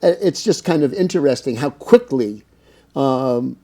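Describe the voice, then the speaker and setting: A middle-aged man from the United States tells stories as an interview guest, with a dark, mellow tone and a medium pitch. He rambles easily through his anecdotes, stacking up fillers and restarts. He slips into other people's lines as he quotes them. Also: lively intonation, a little slow. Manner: anecdotal, lots of fillers, acts out quoted dialogue. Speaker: interview guest, cannabis business owner. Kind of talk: casual storytelling interview.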